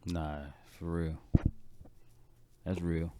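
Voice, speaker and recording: Deep, laid-back podcast man. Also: completely flat delivery, drawn-out words, mellow, a little hiss or hum. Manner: laid-back, agreeable, slangy. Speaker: podcast co-host. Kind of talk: casual chat.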